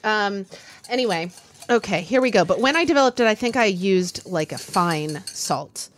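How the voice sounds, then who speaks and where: A woman demonstrating a recipe in casual chat, emphatic with quick asides. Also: mid-range voice, animated, slight background noise. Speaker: cook, guest.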